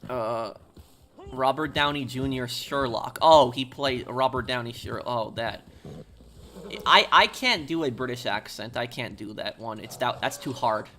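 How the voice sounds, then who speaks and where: A male streamer chats casually with his viewers from a home gaming setup, reading their messages aloud and answering them offhand. His voice has a bright, forward edge at a middle pitch. Faint game noise sits softly behind him. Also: measured pace. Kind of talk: casual live-stream chat while gaming.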